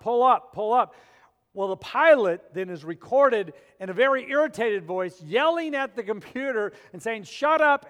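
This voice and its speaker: A male pastor delivering a sermon in a church, preaching with animation and dramatic swings between loud and quiet. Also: sits high. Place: church sanctuary. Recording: long church hall reverb.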